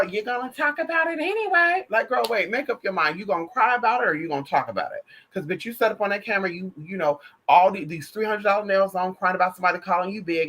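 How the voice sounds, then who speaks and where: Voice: mid-range voice, sharp tone. A vlogger giving sassy, profane, gossipy pop culture commentary, calling the viewer girl and honey.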